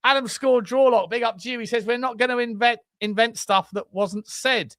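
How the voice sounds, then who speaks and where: A man co-hosting a casual football podcast, chatty and laughing often as he reads out viewer shout-outs. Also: very high-pitched, moderate pace, dry recording, clean studio sound. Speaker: co-host.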